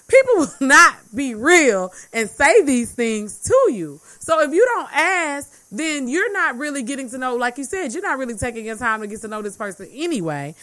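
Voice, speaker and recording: A woman's voice: sits high, big pitch swings, normal speed, hardly any pauses, fairly bright tone. A woman in casual chat, blunt and argumentative, often acting out what others say. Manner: blunt, argumentative, quotes others in put-on voices.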